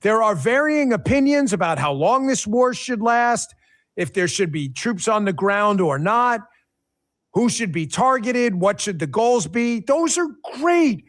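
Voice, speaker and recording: A man's voice: high-pitched, animated, a little slow, fairly bright tone. A middle-aged man hosting a political talk show, giving emphatic, sarcastic commentary and speaking straight to his viewers.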